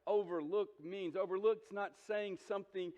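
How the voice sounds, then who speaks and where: Pastor with a drawl in a reverberant church. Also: male voice, high-pitched, steady tone, moderate pace, a little mellow. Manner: earnest, repeats words when starting sentences, direct questions to the congregation. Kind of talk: sermon. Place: church sanctuary. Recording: dull sound with long hall reverb.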